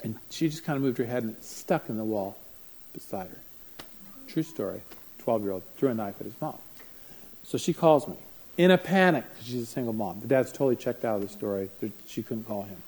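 A man with a mellow, warm voice teaching parents. He tells a long story in a chatty way and acts out the voices of the people in it. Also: medium pitch, lively intonation, fairly quick, a little hiss or hum, rough recording. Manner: anecdotal, acts out voices while telling stories. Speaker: parenting seminar speaker. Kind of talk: conversational teaching talk.

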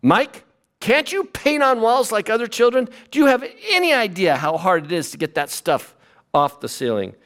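Casting: man playing a shrill, exasperated mother scolding her son, high and pushy. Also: big pitch swings, moderate pace, a bit bright. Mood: exasperated nagging. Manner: nagging, exasperated. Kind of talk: comic impressions in a sermon.

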